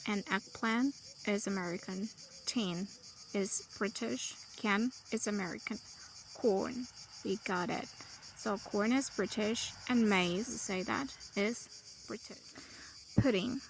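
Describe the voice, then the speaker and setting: Woman English tutor, unhurried, gravelly fry, light hiss behind. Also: medium pitch, rough recording. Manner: slow, listing word pairs with pauses. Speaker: English teacher. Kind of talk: vocabulary lesson.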